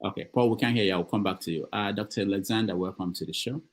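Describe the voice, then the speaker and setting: A man hosting a call-in show, briskly moving between callers. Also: fairly low pitch. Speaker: host.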